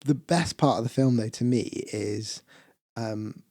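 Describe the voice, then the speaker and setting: A man's voice: mid-range voice, a little mellow, no room sound, clean studio sound. A man co-hosting a casual film podcast, recapping a movie with lots of fillers and hesitations. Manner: rambling recap with many fillers. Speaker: podcast co-host.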